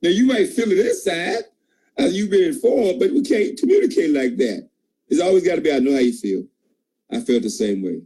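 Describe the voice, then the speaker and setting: Very animated and brisk, an emphatic sales team leader on a call preaches a motivational pep talk. His dark, mellow voice carries a husky edge and leaps upward in pitch whenever he drives a point home, all on a low-quality recording.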